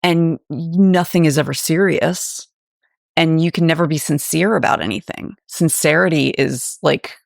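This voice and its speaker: A woman's voice: sits low, unhurried, gravelly, no room sound, studio quality. A woman in her forties, a podcast co-host, talking through her opinions in a thoughtful, candid chat. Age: 40s. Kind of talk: casual discussion.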